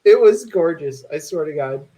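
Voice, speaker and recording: Joking podcast co-host man, higher voice. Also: lively intonation, moderate pace, dark tone, rough recording. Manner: joking, laughs along. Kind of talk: casual chat.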